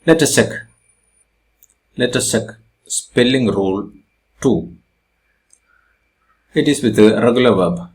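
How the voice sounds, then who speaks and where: A male English teacher with an Indian English accent explains spelling rules in a grammar lesson. He talks slowly, with a pitch that rises and falls a lot, and he stresses syllables and repeats each example. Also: lively intonation.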